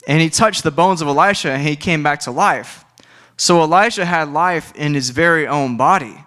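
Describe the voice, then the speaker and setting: Bright, clear-voiced male preacher. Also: on the high side. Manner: casual, conversational preaching with restarts and asides. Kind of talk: sermon.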